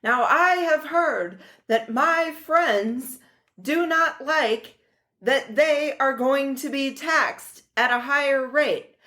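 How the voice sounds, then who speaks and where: A woman putting on a transatlantic accent to imitate an older male president, giving slow, stately speech lines. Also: high voice, pushed and bright, pitched above the performer's own voice, full character voice. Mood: defiant, stately. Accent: transatlantic, put on. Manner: slow, drawn-out, oratorical delivery.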